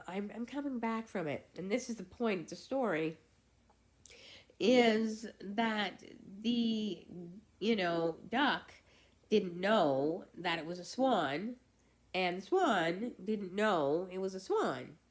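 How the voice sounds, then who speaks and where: A woman hosting her own vlog, telling a story casually in a halting way with restarts. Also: mid-range voice. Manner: halting, with many fillers and restarts. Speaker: vlog host.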